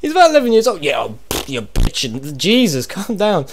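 A young Irish man hosting a comedic reaction video, animated and exclaiming, often breaking into laughter. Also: sits high, fairly quick, slight background noise. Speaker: YouTube host.

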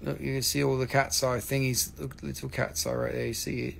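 A man hosting a live stream where he sells stones, showing pieces, repeating prices and answering chat in an excitable, casual way. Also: mid-range voice, brisk, creaky, slight background noise.

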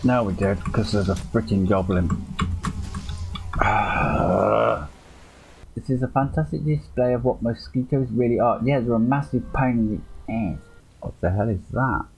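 Male streamer, lowish voice, mutters and curses at the game, faint hiss behind. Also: measured pace, creaky, rough recording. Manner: exasperated, swearing, joking commentary. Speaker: gaming streamer. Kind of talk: live-streamed gameplay chat.

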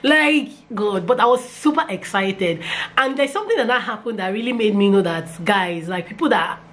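Young Nigerian woman, casual storytime vlog, lively and repetitive, faint hiss behind. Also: moderate pace. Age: young adult. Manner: animated, repeats phrases, pitch jumps when excited. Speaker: vlogger.

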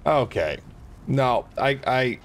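A man's voice: mid-range voice, animated, drawn-out words, slight background noise. A man giving casual, playful commentary over his gameplay and joking with his co-player. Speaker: let's play host.

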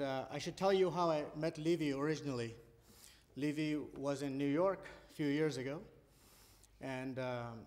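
A man speaking onstage to a festival audience, telling a chatty anecdote. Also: fairly high pitch. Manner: chatty anecdotal, addressing the crowd. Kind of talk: storytelling to an audience. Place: concert hall stage. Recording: long hall reverb.

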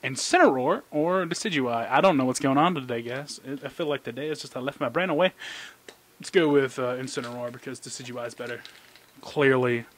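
A man hosting a casual card-pack opening commentary. He rambles excitedly, squeals with delight and mocks himself in quick asides. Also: medium pitch. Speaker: channel host. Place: indoor room under an overhead light.

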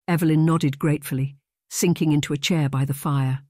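An audiobook narrator reading a romance novel in an even, measured scripted style. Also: mid-range voice, dry recording, studio quality.

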